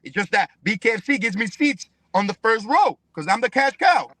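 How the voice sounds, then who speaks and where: A man speaks as a fighter guest with a notably high voice, airing grievances in a blunt, profane, emphatic way. He leans on repeated words and sounds dry and close to the mic. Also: big pitch swings, moderate pace, sharp tone, dry recording. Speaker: pro fighter, podcast guest. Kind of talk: heated interview talk.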